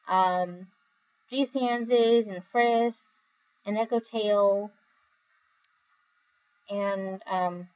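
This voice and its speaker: A young woman talks her way through viewer comments in an unhurried, rambling ramble, laughing softly between thoughts. She sounds worn out and her somewhat high voice comes through a dull, lo-fi recording. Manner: giggly, rambling, with many fillers. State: overly tired. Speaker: video creator reading comments. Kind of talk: casual chat.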